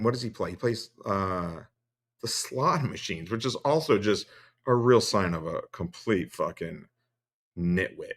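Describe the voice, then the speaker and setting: A man's voice: fairly low pitch, expressive, unhurried. A man hosting a stream, giving profane, sarcastic commentary and laughing often. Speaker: streamer host. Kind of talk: casual mocking commentary.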